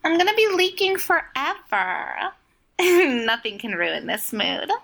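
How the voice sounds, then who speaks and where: Man doing a cooing falsetto girlfriend. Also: sing-song, slow pace, vocal fry, bright, forceful tone, full character voice. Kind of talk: comedy skit acting.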